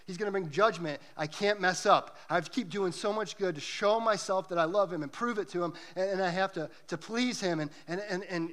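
A man's voice: fairly high pitch, a bit bright. A man preaching a sermon to a church congregation, earnest and emphatic, telling stories to make his points. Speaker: pastor. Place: church service.

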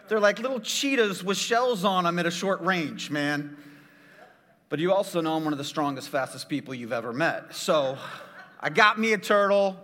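Energetic man telling a sermon story. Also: a little high, in a large hall. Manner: energetic, jokey, talks straight to the audience.

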